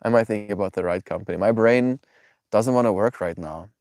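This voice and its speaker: A man's voice: on the low side, brisk, darkish tone, no echo, studio quality. Stuffy-nosed man musing with his stream chat. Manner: reflective, affectionate, reads chat names aloud. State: stuffy nose. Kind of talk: casual live-stream chat with viewers.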